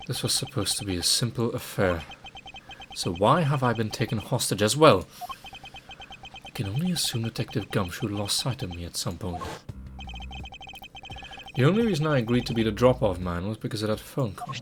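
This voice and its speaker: A man voicing a proud, formal young prosecutor, measured and dignified, slightly lower than his usual voice. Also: animated, background noise, natural voice. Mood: uneasy. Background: game music.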